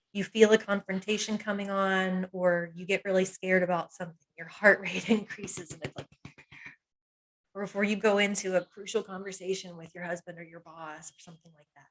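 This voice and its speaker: A woman's voice: medium pitch, poor audio. A woman hypnotherapist teaching a masterclass on emotional pain, speaking in earnest, confiding short phrases and listing feelings one at a time with light laughs. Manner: earnest and confiding, draws on her own life.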